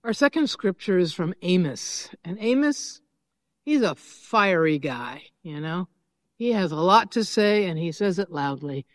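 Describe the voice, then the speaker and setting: A pastor giving a sermon, talking casually with small asides and then reading scripture aloud in a measured way. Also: medium pitch, big pitch swings. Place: church sanctuary. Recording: long hall reverb.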